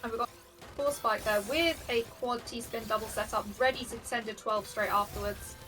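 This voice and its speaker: A woman giving live tournament commentary on a competitive game, bubbly and quick to laugh. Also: fairly high pitch, over music, low-quality recording. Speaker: esports commentator.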